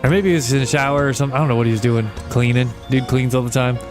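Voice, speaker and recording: A young man hosting a gaming channel, telling long rambling stories and swearing casually while he plays, with quick jumps in pitch when he imitates people. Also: fairly even intonation, music in the background. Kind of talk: casual let's-play chat while gaming.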